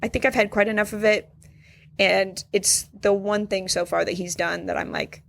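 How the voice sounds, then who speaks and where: A young adult woman co-hosting a podcast in casual chat, animated and sarcastic, jumping into high mocking voices. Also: moderate pace, creaky, dry recording. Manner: animated, sarcastic, mimics voices with sudden high pitch jumps. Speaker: podcast co-host.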